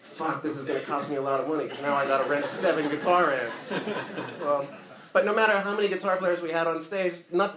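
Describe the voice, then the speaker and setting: Man, casual eulogy storyteller, slightly high voice, echoey room. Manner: casual, profane, animated storytelling. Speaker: eulogy speaker.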